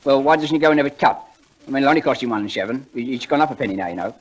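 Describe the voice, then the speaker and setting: A man's voice: medium pitch, expressive, very fast, close to an everyday voice. A man doing a stammering, cheeky wisecracker. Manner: stammers, fumbles for words, quips. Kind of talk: 1940s radio comedy acting.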